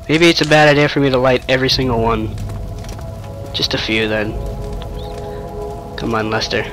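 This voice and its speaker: A man giving casual, jokey commentary while playing a horror game, talking to himself and to an imaginary friend. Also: mid-range voice. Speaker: let's-play gamer.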